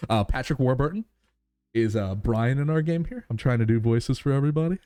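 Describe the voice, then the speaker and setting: A man's voice: mid-range voice, brisk, mellow, no room sound. A man streaming live and chatting casually with his viewers, thankful and rambling with lots of fillers.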